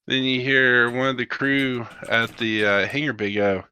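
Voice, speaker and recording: Unhurried man running a tabletop game. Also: medium pitch, steady tone, bright, forceful tone, clear, resonant tone, no echo. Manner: unhurried, descriptive, fillers. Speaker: game master.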